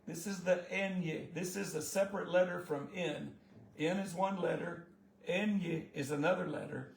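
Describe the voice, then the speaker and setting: A man's voice: fairly high pitch, gravelly. A man giving a casual spoken language lesson as the teacher, folksy and encouraging, with joking asides. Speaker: Spanish teacher. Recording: echoey room.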